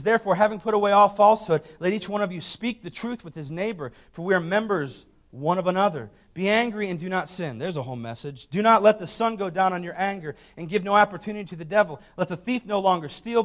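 A man preaching a sermon, emphatic and repetitive, swinging from loud shouting down to a hushed, intimate tone. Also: sits high. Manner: emphatic, repeats lines for emphasis. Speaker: pastor.

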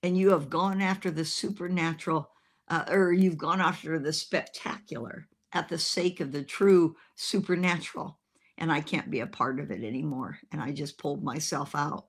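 A woman preaching a sermon, telling a story with animated, humorous acted-out voices. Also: low voice, normal speed, breathy edge.

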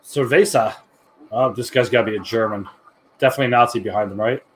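A man's voice: medium pitch, fast. A man co-hosting a podcast, giving a crude, joking running commentary while watching a film. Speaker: podcast co-host. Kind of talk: casual movie watch-along chat.

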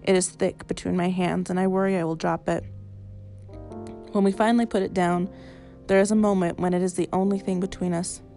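A woman podcast host reading a literary short story aloud in a measured, even way, recorded in her car. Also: fairly low pitch, faint music behind.

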